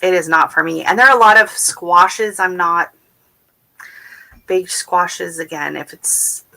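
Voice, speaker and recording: A woman's voice: on the low side, a little slow, creaky, bright, forceful tone. A woman hosting a casual gardening livestream, chatting in a rambling way with many fillers and restarts while she answers viewers. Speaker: gardening channel host. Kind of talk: casual livestream chat, reading viewer comments. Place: at home.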